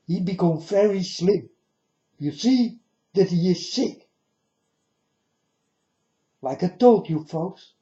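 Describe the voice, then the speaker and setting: A man's voice: sits high, animated, slow pace, long pauses, dark tone. A man speaking to his viewers in a solemn monologue, delivering warnings and often calling them "folks". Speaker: video blogger. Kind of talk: monologue to camera. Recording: dull lo-fi recording.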